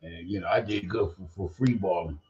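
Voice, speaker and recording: A man's voice: sits low, fairly quick, a little mellow, dull audio. An older man hosting a podcast, talking in a loose, rambling, slangy way full of profanity and "you know what I mean.". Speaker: podcast host. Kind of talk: casual livestream chat.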